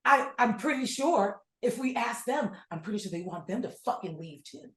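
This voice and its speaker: A woman co-hosting a casual podcast, blunt and animated, swearing freely as she rants. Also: on the high side, normal speed, roomy sound. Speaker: podcast co-host.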